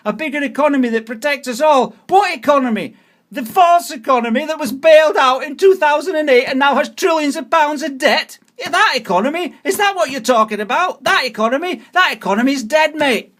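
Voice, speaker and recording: A man's voice: very high voice, expressive, normal speed, fairly bright tone. A man, ranting sarcastically at a government leaflet and repeating his jabs like a heckler. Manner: sarcastic, repetitive, heckling an unseen opponent. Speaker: political video blogger. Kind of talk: angry political rant.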